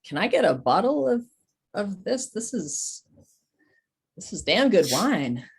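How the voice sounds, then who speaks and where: A woman's voice: mid-range voice, big pitch swings, unhurried, creaky, breathy edge. A woman, a new player in a tabletop role-playing game, talking in an easygoing way. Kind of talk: tabletop role-play chat.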